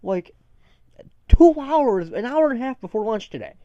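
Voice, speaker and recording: A man's voice: very high voice, expressive, moderate pace, mellow, dry recording. A young man ranting casually and profanely as a podcast co-host, rambling from story to story, on a dull lo-fi recording. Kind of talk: casual rant.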